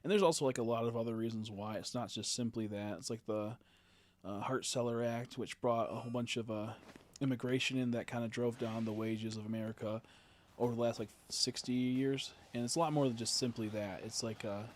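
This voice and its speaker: A young man talking over a game stream in a mid-pitched voice, venting and cursing as he goes. His talk is loose and rambling, full of "like" and "uh". A faint hum of room noise sits under his voice. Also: steady tone, fairly quick. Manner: ranting, swears a lot, many fillers. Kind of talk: casual live-stream chat.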